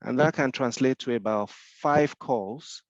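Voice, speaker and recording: A man's voice: mid-range voice, unhurried, no room sound, lo-fi sound. A man with a Nigerian accent, mentoring in a Q&A discussion, explaining with rhetorical questions and frequent repeated restarts.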